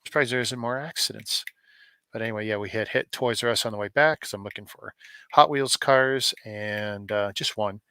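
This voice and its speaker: Bright-voiced middle-aged man chatting on a stream. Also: on the low side, brisk, clear, resonant tone, no echo. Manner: rambling, joking, chats to viewers by name. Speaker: live streamer opening advent calendars. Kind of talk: casual live-stream chat.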